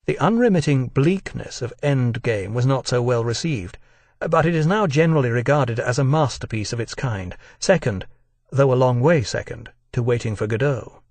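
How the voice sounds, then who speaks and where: A man narrating a scripted documentary in a measured, deliberate way, recorded as a studio voice-over. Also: mid-range voice, darkish tone, no echo.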